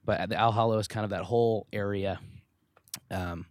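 A man's voice: fairly low pitch, steady tone, brisk, no echo, studio quality. A man who is a musician guest on a podcast, chatting on a rooftop outdoors, upbeat and easygoing. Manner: upbeat, easygoing, laughs readily. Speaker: guest, musician and festival organizer. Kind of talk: casual chat. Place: rooftop outdoors over a city.

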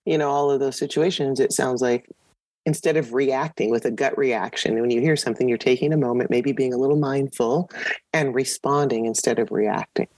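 A woman's voice: very deep voice, a little fast, darkish tone, no echo. A woman hosting a podcast interview, reflecting back what her guest says and asking follow-up questions. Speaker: podcast host. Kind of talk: casual interview chat.

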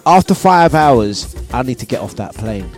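A man hosting a breakfast radio show, chatting casually and telling animated stories with plenty of laughter. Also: mid-range voice, normal speed, soft background music. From United Kingdom. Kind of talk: casual on-air chat. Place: radio studio.

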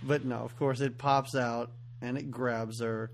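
A man's voice: medium pitch, little pitch movement, measured pace, slight background noise. A man co-hosting a podcast, casually recapping a horror film and laughing often. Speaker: podcast co-host. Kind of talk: casual movie recap chat.

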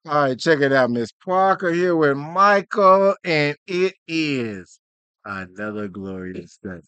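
A man's voice: on the high side, slow pace, clear, resonant tone, dry recording, lo-fi sound. A man co-hosting a podcast in casual, slangy chat, playing out little skits as he talks. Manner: animated, slangy, plays out skits. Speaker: podcast co-host.

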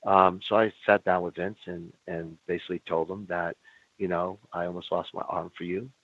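A man's voice: low voice, level tone. An older man, a former wrestler, telling blunt stories in an interview, swearing and acting out both sides of old arguments. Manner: blunt, swears, acts out dialogue in quick back-and-forth. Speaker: guest, former pro wrestler. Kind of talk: candid storytelling in an interview. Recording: dry, phone-like audio.

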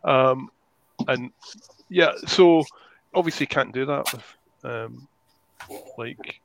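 A man's voice: mid-range voice, slow pace, gravelly, a little hiss or hum, poor audio. A man who is a guest creator, talking in a rambling, casual way on a podcast and often searching for his words.

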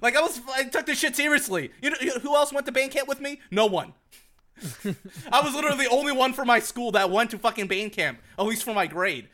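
A young man from Virginia co-hosting a podcast, telling stories in an animated, profane, laugh-filled casual chat. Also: very high-pitched, a little fast. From Virginia, USA. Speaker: podcast co-host. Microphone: podcast mic on a group call.

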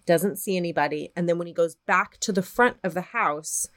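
Low-voiced woman telling a spooky story. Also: moderate pace. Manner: profane, animated retelling of a spooky story. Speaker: podcast co-host. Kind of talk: casual storytelling.

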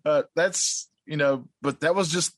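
Relaxed man in casual chat. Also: a little high, no room sound. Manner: relaxed, drawn-out, frequent agreeing "yeah".

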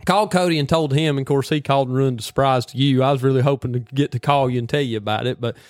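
Man, folksy storyteller, lively and excited, dry close sound. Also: medium pitch, fast, no room sound. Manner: animated, folksy rural slang. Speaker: hunter telling a story. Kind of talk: casual storytelling.

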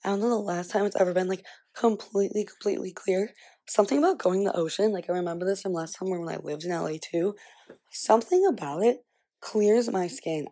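Her voice is medium-pitched, brisk and dark in tone as this twenty-something vlogger talks casually to camera at home. She rambles chattily while getting ready, peppering everything with "like."

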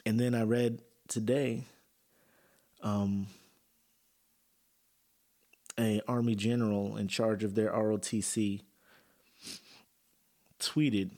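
Man, podcast host, personal monologue, low-pitched, earnest, emotional, loose and conversational. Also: little pitch movement, takes it slowly, long pauses, dark tone.

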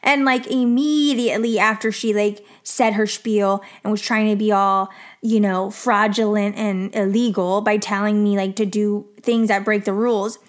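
A young woman vlogger tells a chatty story about an old job, peppering it with "like" and "you know" and swearing freely. Her mid-range voice moves at a moderate pace with fairly even intonation.

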